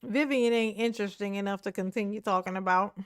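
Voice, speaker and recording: A woman's voice: mid-range voice, fairly even intonation, quick pace, smooth, dry recording, studio quality. A woman hosting casual online commentary, chatty and slangy, laughing often and talking back to what she watches.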